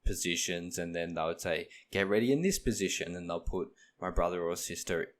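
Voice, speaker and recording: Young man, very low voice, casual podcast chat, animated storytelling. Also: fairly quick. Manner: animated retelling with acted-out quotes. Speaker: podcast co-host.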